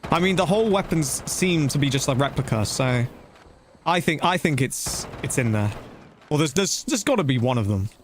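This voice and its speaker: A man's voice: fairly high pitch, lively intonation, normal speed, a little hiss or hum. A young man casually commenting on a game he is playing live, chatting loosely with his viewers. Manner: chatty and loose, talking to chat while playing, slangy with "bro" and "dude". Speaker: game streamer.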